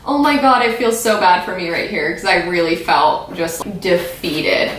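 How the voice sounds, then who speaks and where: A woman's voice: lowish voice, unhurried, fairly bright tone, slight background noise. A young American woman candidly reacting to her own old video, chatty and self-mocking. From United States. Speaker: vlogger. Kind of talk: casual reaction commentary. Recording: echoey room.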